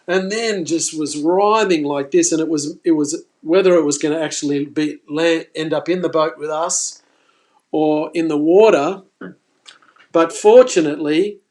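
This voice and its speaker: A man hosting a live fishing stream, telling a story in an animated, exclaiming way. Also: a little high, unhurried. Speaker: fishing presenter.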